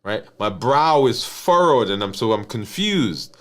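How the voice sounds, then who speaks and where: An earnest man talks through a lesson on emotional health at a mid-range pitch. He coaches in a steady, explaining way, keeps checking in with "right?" and restarts his phrases as he thinks aloud. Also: measured pace. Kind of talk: teaching monologue.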